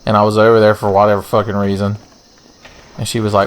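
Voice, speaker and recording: A man's voice: on the low side, level tone, fast talker, slight background noise. A young man giving casual, profane, joking let's-play commentary as he plays a game. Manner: profane, joking, rambling asides. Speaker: gaming channel host.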